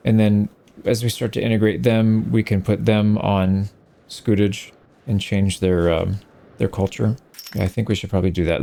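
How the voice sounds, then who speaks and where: A man with a gravelly, rather deep voice talks his way through a strategy game in a relaxed let's play. He muses aloud and gets openly puzzled when things go wrong. His tone is dark and mellow over faint background music. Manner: thinking aloud, musing and puzzled. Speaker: gaming channel host. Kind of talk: casual let's play commentary.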